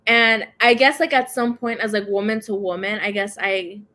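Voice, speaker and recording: Woman guest, bright tone, animated storyteller who voices the people she quotes. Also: mid-range voice, normal speed. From first-generation Latina in the United States. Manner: animated, quotes others in dialogue. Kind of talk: conversational storytelling.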